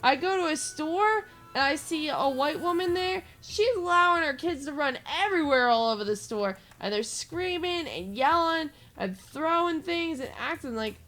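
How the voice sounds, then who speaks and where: A young woman hosting a gaming channel, telling a rambling story with lots of filler words and getting animated as she goes. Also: high-pitched, moderate pace, few pauses, soft background music. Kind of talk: casual rambling commentary over gameplay.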